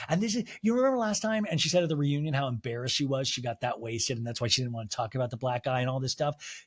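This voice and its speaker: A man's voice: mid-range voice, fast talker. A man hosting a podcast, giving a solo comedic TV recap in a gossipy, profane way. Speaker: podcast host.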